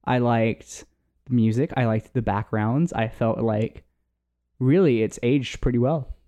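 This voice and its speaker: A man's voice: mid-range voice, measured pace, warm tone. A young man co-hosting a casual podcast, teasing his friend with sarcastic, joking banter. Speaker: podcast co-host. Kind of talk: casual chat.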